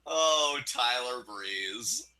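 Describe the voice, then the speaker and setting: A man co-hosting a live reaction show, firing off excitable exclamations and wisecracks. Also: medium pitch, very slow, rough recording. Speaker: co-host reacting to a wrestling broadcast.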